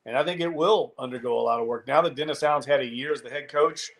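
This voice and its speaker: A man co-hosting a sports podcast, talking football in a measured, analytical way with frequent restarts. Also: medium pitch. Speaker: podcast co-host. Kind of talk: casual sports talk.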